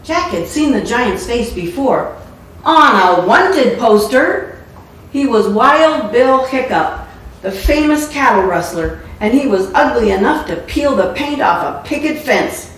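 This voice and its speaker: A woman reads a picture book aloud at an unhurried pace, adding playful asides. She sounds far from the mic in a very echoey room with faint noise behind. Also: fairly high pitch, animated. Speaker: storybook reader.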